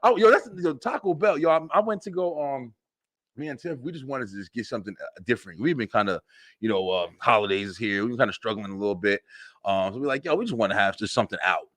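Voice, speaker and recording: A man's voice: fast talker, no echo. A young man hosting a web show, telling funny stories in a loose, profane way and laughing often. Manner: animated, laughs often, profane, voice swings high when excited. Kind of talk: casual comedic storytelling.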